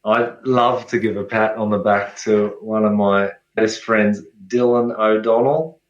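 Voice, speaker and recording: A fairly low-voiced man speaks as a guest in a casual interview, friendly and enthusiastic. His audio is roomy and echoey, and it sounds dull and lo-fi, like a remote call. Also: steady tone, unhurried. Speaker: guest researcher.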